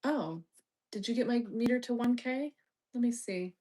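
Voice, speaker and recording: A woman's voice: a little high, moderate pace, mellow. Bossy, teasing woman streamer. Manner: swears, distracted and muttering. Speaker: livestream host reading chat. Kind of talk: casual live-stream chat.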